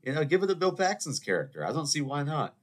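A man hosting a podcast, talking in a rambling, jokey monologue full of fillers and restarts, sometimes bursting into high exclaimed imitations. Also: very animated, quick pace. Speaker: podcast host. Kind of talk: casual monologue.

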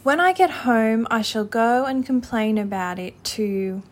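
A woman's voice: on the high side, expressive, a little slow. A woman voicing a peevish, complaining male mole in a storybook reading. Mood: grumbling. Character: fussy, grumbling male mole.

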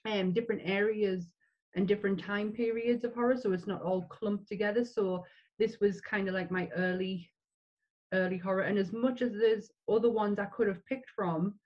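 A woman in casual film chat, talking in quick bursts with many restarts. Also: medium pitch, steady tone, highs cut off. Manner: chatty, many restarts and fillers.

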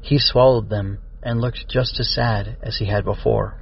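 A man's voice: lowish voice, steady tone, normal speed, gravelly, lo-fi sound, slight background noise. A man reading his own children's stories aloud and sharing a writing log. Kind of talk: storybook narration and writing log.

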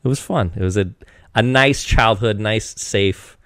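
A young man from Eastern Washington chats loosely as a podcast guest, piling up fillers and restarts. His voice sits low and sounds smooth and resonant. The handheld mic gives a dry, close sound. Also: a little slow, a bit bright, no room sound. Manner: rambling, many restarts and fillers. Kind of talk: casual chat.

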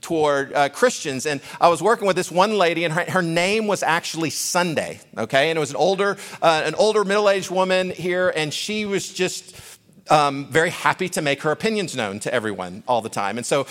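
A man preaching as a guest speaker, telling a personal story in a conversational, halting way with many fillers and restarts. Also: a little high, animated, fairly bright tone. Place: church sanctuary.

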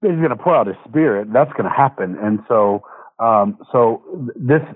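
Male guest, reflective and halting, phone-quality audio. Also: mid-range voice, animated, no room sound. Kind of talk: casual faith conversation. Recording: tinny phone line.

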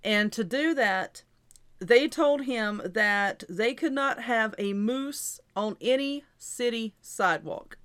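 A woman's voice: fairly high pitch, lively intonation, slow pace, a bit bright, clean tone. A middle-aged woman hosting a casual show, reading an article aloud with chatty asides and frequent laughter. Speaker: host.

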